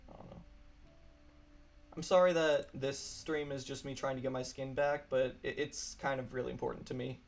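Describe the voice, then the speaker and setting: A man's voice: mid-range voice, steady tone, normal speed, creaky. A man chatting casually while streaming a game alone at his computer, apologetic and rambling.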